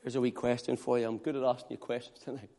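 A man preaching a sermon, swinging between loud, pleading appeals and hushed, quiet asides. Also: medium pitch, flat delivery, fast talker. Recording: long hall reverb.

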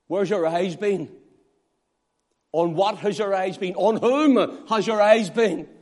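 A man preaching a sermon, swinging between loud, pleading appeals and hushed, quiet asides. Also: high-pitched, takes it slowly. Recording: long hall reverb.

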